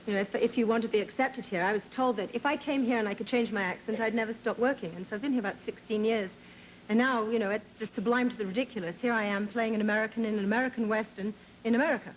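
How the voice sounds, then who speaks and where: A woman's voice: fairly high pitch, fast, a little hiss or hum, low-quality recording. A middle-aged English woman, an actress guest on a talk show, chatting and telling stories with frequent laughs. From England. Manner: laughing, animated storytelling.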